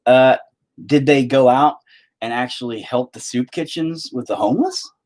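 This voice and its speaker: A man's voice: mid-range voice, moderate pace, a little mellow. An American man who hosts his own channel rants casually and profanely while painting, with sarcastic asides. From United States. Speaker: channel host.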